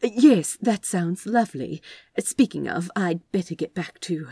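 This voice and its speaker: A woman's voice: lowish voice, animated, a little slow, warm tone, husky, no echo, clean studio sound, full character voice. A woman voicing a flustered, prim male angel working as a receptionist in an audiobook reading. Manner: polite, fussy, flustered.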